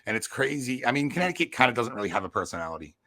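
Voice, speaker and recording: A man's voice: medium pitch, big pitch swings, very fast, pushed and bright, no room sound. A man co-hosting a podcast in laid-back casual chat, laughing often and swearing now and then. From New York.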